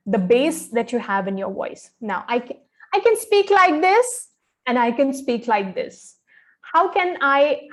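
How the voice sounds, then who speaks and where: A woman coaching pageant contestants on posture and speech, speaking in an instructive, friendly way with many fillers and checks of "okay". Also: a little high. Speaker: pageant fashion and grooming coach. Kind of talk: training session talk.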